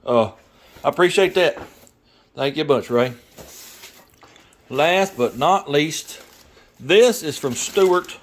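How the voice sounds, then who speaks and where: A man with a Southern American accent talking casually in a garage workshop, rambling and folksy, thinking out loud with lots of fillers. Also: on the high side, expressive, takes it slowly, pauses often. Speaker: garage YouTuber and mechanic. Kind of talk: casual workshop vlog talk.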